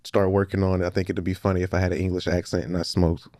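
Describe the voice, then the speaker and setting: A man's voice: deep voice, level tone, quick pace, a little mellow. A man from Louisiana, a guest comedian chatting loosely and joking with slang. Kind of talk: casual podcast chat.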